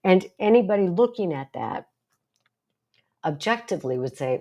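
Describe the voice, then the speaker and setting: Older woman with a low, earnest voice. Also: animated, normal speed, warm tone. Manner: earnest, storytelling, asks rhetorical questions. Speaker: psychologist and support group host. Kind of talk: casual talk to camera.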